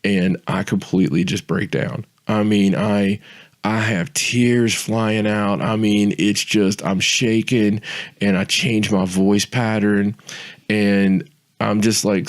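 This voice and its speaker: A man's voice: on the low side, level tone, slow. A man hosting a podcast, telling a rambling anecdote with restarts and laughter. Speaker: podcast host.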